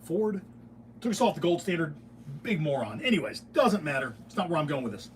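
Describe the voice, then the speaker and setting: Middle-aged American man, higher voice, rambling opinionated shop-talk host, heard from a distance. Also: sing-song, fairly quick. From United States. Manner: opinionated, digressive, self-interrupting with restarts. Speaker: beekeeping channel host. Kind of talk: casual rambling monologue. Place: workshop. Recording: distant mic with faint room noise.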